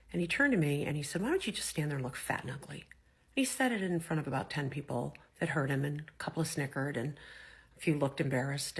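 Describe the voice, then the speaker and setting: Low gravelly older woman, indignant. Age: 60s. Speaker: storyteller. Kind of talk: personal testimony.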